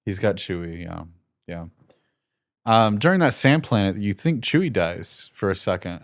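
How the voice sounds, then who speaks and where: A man chatting casually as a film reviewer, animated and jokey, slipping into quick impressions of characters. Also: on the low side. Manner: animated, jokey, slips into quoted character voices. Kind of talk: casual movie review chat.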